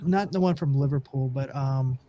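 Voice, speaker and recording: A man hosting a casual podcast, giggling often and talking in halting starts. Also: medium pitch, mellow. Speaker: podcast host.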